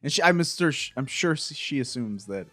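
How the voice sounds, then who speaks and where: A man's voice: on the high side, animated, normal speed, fairly bright tone, no room sound, soft background music. A man co-hosting a podcast, casually recapping a TV episode, saying "like" often and acting out quotes. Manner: retells scenes with filler likes and acted quotes. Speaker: podcast co-host.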